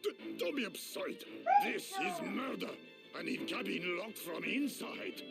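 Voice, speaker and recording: A woman's voice: mid-range voice, huge pitch swings, a little slow, creaky, over loud music, heavily acted. A woman voicing a flustered, indignant woman at a crime scene in a video game, protesting sharply.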